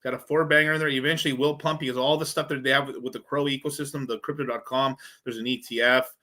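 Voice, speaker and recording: Speaking quickly in a steady, sharp, medium-pitched voice, a man hosts a crypto livestream. He talks through the charts casually and profanely, rambling as he thinks aloud into his streaming setup mic.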